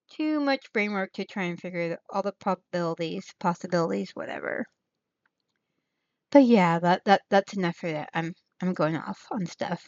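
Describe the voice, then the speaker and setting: A woman runs her own stream with loose, rambling chat, musing aloud and drifting off before circling back to her point. Her voice sits at a medium pitch in a middle register. The recording is dry and a little muffled.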